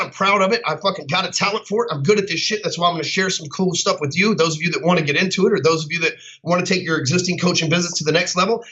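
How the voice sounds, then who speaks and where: Profane, fiery man with a bright high voice. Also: highs cut off. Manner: profane, blunt and combative. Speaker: business coach. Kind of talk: unscripted rant to camera.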